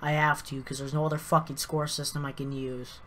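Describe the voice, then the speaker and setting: A woman's voice: low-pitched, level tone, fairly quick, a little hiss or hum. A tired woman streaming a racing game, swearing as she struggles with a scoring program and sorts standings. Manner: frustrated, profane, muttering then shouting. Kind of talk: live stream commentary.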